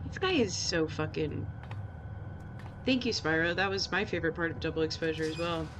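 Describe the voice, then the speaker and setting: A woman's voice: low voice, a little fast, noisy background. A woman streamer talking casually and joking with chat while playing a game. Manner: chatty, joking, reacting to chat.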